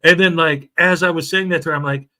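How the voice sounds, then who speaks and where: A man's voice: a little high, fairly even intonation, fast talker, bright, forceful tone. A man hosting a casual morning livestream, chatty and jokey as he reads viewer comments aloud. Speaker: livestream show host.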